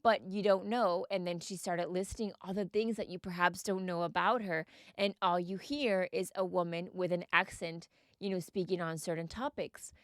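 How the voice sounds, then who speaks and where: A woman's voice: lowish voice, steady tone, normal speed, no echo, clean studio sound. A woman hosting a podcast and talking straight to her listeners in an earnest, encouraging way, often putting questions to them. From United States. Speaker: podcast host and mindset coach. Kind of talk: reflective podcast monologue.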